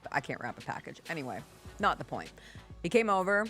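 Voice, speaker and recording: A woman's voice: low voice, sing-song, fast talker, fairly bright tone, faint music behind. A woman hosting a talk show, chatting casually and telling stories, laughing easily. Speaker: host. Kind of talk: casual chat.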